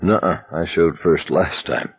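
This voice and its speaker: A man voicing a loud, suspicious young man who shouts and whines indignantly in a slightly muffled recording. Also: deep voice, unhurried, slightly rough.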